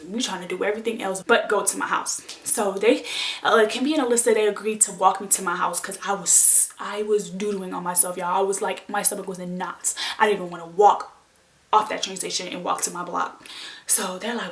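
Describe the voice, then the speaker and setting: Woman vlogger, animated storytime delivery, roomy echoey room; casual and expressive. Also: medium pitch, fairly quick. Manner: lively, expressive, addresses viewers as y'all. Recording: roomy echo.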